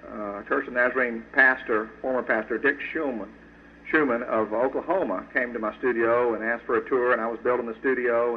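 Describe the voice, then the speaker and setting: Speaking in a mid-range voice, a male sculptor tells an audience the story of his faith in an earnest, folksy way. The recording sounds tinny and phone-like, like radio audio, with a little background noise.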